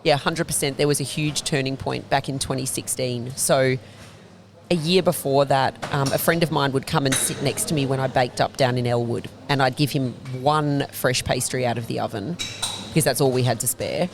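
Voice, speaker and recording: A woman's voice: extremely low pitch, moderate pace, gravelly, noisy background. A woman, a bakery founder, telling fluent, detailed stories as a guest in a casual interview inside her bakery. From Australia.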